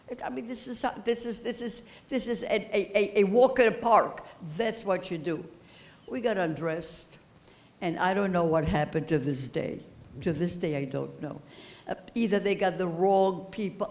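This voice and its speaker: A woman in her eighties giving a personal testimony as keynote speaker, slow and halting, repeating phrases as she grows emotional. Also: fairly low pitch, a little mellow. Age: 80s. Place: high school event hall.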